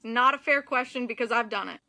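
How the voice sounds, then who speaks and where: A woman's voice: fairly high pitch, brisk, gravelly, pushed and bright, poor audio. A woman guest on a podcast, animatedly recapping scenes in casual chat.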